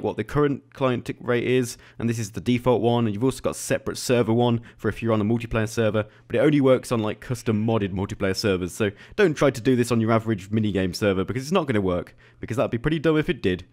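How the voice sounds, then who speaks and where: A man giving casual gameplay commentary as a YouTube host. He talks in a chatty, excitable way and laughs often. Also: medium pitch, quick pace, hardly any pauses.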